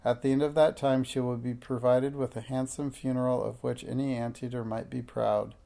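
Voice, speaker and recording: A beautiful, gentle nymph mother speaks in soft, lilting tones, put on by a man reading a storybook aloud. The voice stays low and mellow, with a gravelly edge. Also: little pitch movement, normal speed, lightly acted.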